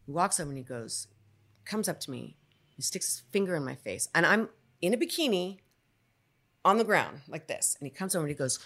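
A woman, an actor guest on a podcast, telling a candid, animated story in casual conversation. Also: low-pitched, fairly quick.

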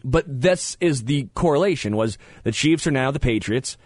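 Male sports talk host, animated and opinionated, average pitch, close dry studio mic. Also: normal speed, dry recording. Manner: animated, opinionated, stammers on restarts. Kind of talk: sports talk radio banter. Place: radio studio.

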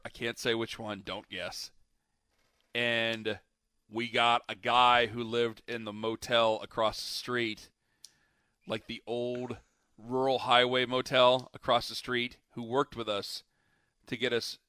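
A man's voice: mid-range voice, flat delivery, a little slow, pushed and bright, clear, resonant tone, dry recording, studio quality. A man in casual chat, telling long rambling stories with lots of fillers and restarts.

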